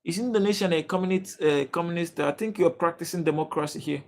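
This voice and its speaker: Nigerian male stream host, casual and talkative, fairly high voice, keeps welcoming chat. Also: fast talker, vocal fry, a little mellow. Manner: chatty, greets viewers by name, reads chat aloud. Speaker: livestream host.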